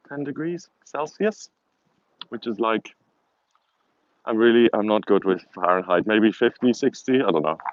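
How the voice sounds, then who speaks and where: Standing on a hilltop, a German-born vlogger with a South African accent live-streams on his phone, his lowish voice carrying a fairly bright tone. He chats casually, wandering from topic to topic and mocking himself. Wind noise runs through the dull, lo-fi recording.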